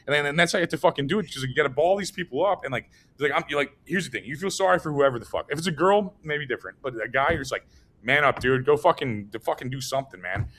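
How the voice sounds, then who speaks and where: Fast-talking profane rambling man. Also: on the high side, lively intonation, a bit bright. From United States. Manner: profane, rambling rant full of "like". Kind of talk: casual chat.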